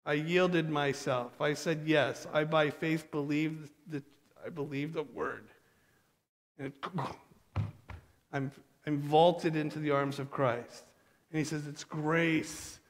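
A man preaching in a church sanctuary, his fairly high voice carrying long reverb from the hall. He is animated and slips into quick acted bits of dialogue. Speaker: pastor. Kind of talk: sermon.

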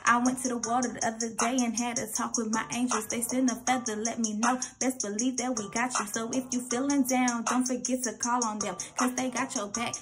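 A young woman with a fairly high voice raps a confident, bragging freestyle, riding the rhythm with slangy lines. Now and then she stalls briefly to search for a rhyme. A clear beat plays loudly behind her. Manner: rhythmic, boastful and self-assured; slangy, with pauses to find rhymes. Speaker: freestyle rapper. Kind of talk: freestyle rap over a beat. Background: beat music.

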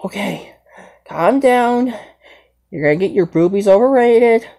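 A woman's voice: animated, a little slow, warm tone. Nala, as a woman puts her on, whiny lioness. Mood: distraught. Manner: high, whiny, flustered. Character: tearful, fretful young lioness. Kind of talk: amateur fan role-play.

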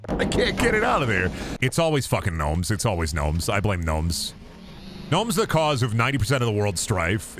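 A man streaming a video game, cursing and trash-talking loudly, then dropping to low mutters. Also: a little hiss or hum. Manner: profane, rowdy trash talk to the game; jumps between loud yelling and low mutters. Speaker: gaming streamer. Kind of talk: live gaming stream commentary.

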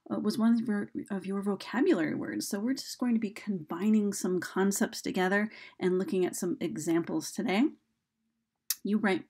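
A woman's voice: medium pitch, a little mellow, husky. A woman teacher giving a recorded slideshow lesson, chatty and full of ums and uhs. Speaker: high school English teacher.

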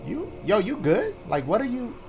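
A man's voice: high-pitched, huge pitch swings, moderate pace, faint music behind. A man giving let's-play commentary, joking with the audience and his partner, then muttering nervously. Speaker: gaming YouTuber.

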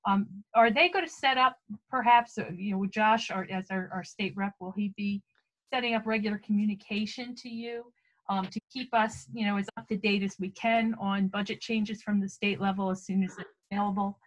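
A woman's voice: medium pitch, fairly even intonation, fairly quick, low-quality recording. A woman on a school committee asking questions in a chatty way, often restarting words, over a video call. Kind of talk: virtual meeting questions.

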